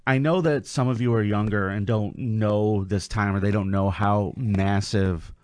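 Male podcast host with a lowish voice and a dry mic, short replies, talks to the audience. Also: fairly even intonation, a little slow, a little mellow, no echo. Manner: brief affirmations, addresses listeners directly. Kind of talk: casual interview chat.

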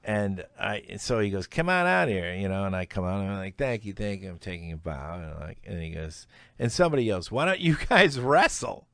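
A man's voice: deep voice, fairly quick, gravelly, few pauses, no room sound. A middle-aged man, a comedian guest, telling stories in a casual interview, acting out quotes and laughing as he talks. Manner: animated storyteller, acts out quotes, laughs mid-sentence.

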